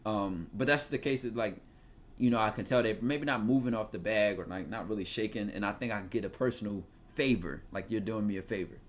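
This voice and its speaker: This Philadelphia, USA podcast host has a lower voice and a fairly quick pace as he gives casual advice in his local accent. He's loose and slangy, swears, and tells stories with animation.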